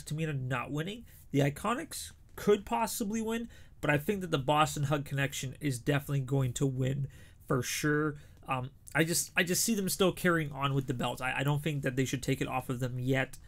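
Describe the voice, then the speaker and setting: A man's voice: a little high, moderate pace, fairly bright tone. A young man giving casual, opinionated predictions as a show host, chatty with frequent restarts.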